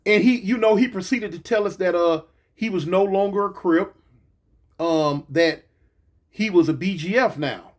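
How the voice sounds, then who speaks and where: Animated high-voiced man telling stories. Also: normal speed. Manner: animated, acts out the voices of others in the story, many fillers and repeats. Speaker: former gang member telling prison stories. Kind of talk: casual storytelling.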